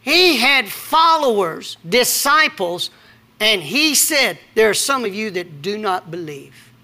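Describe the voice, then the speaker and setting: Preacher guy, high lively voice, bright and forceful, reads scripture and tells stories. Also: slow pace. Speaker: pastor. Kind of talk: sermon.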